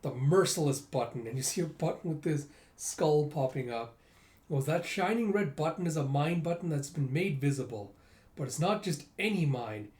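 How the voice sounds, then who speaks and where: A man's voice: fairly high pitch, animated, moderate pace, darkish tone, echoey room. A man casually retelling a comic book, chatty and loose, reading the dialogue aloud.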